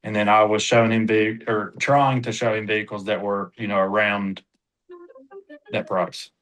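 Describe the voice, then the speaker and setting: A man's voice: on the low side, little pitch movement, moderate pace, a bit bright, soft background music, rough recording. A man, a car salesperson being coached, talking hesitantly with lots of fillers. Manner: hesitant, full of "you know" fillers. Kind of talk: casual talk in a coaching session.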